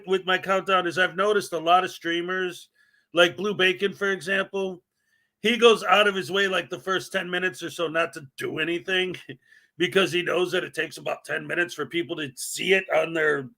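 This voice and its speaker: A man's voice: high-pitched, vocal fry, sharp tone. A man hosting a casual morning livestream, greeting viewers by name in an upbeat, joking way. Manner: upbeat, joking, reads viewer names aloud. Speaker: livestream host.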